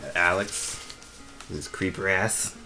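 Deep-voiced joking man, slow banter. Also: over music. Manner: laid-back joking banter. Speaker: channel co-host. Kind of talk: casual banter.

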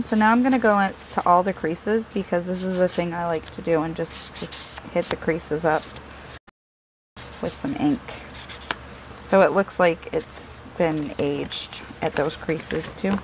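A woman's voice: on the low side, fairly even intonation, slow pace, noisy background. A woman hosting a casual crafting video, chatting and joking at herself as she works. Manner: chatty, self-deprecating, talks to herself while working.

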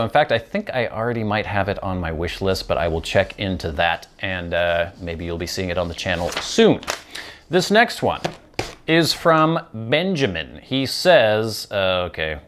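A man's voice: lowish voice, a bit bright. A man from the Pacific Northwest hosting his show, chatting casually and self-deprecatingly while smoking a pipe. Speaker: host.

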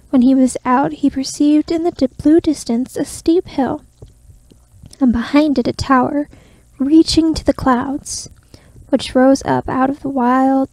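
Woman narrator, soft ASMR fairy-tale reading, high and mellow, close mic, dry. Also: vocal fry, no room sound, poor audio. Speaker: ASMR storyteller.

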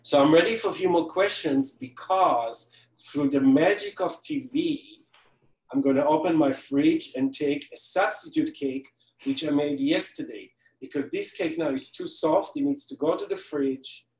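A man's voice: on the high side, moderate pace, a little mellow. A man, a celebrity pastry chef, giving a live baking demonstration from his home kitchen, talking casually with joking asides as he works. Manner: chatty, joking asides while working. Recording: echoey kitchen, distant mic.

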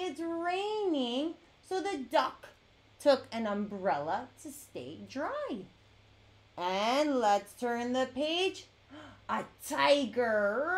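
A young adult woman hosting a children's learning show, talking slowly to toddlers with big gasps and playful animal sounds. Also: sits high. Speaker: children's educator host. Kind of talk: slow, animated talk to toddlers.

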